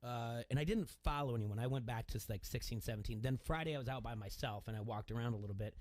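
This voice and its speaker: A man's voice: medium pitch, fast talker, darkish tone, dry recording. A man hosting a sports radio show, talking loosely with lots of likes and you-knows. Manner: loose, filler-heavy conversational delivery. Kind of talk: casual radio talk. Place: radio studio.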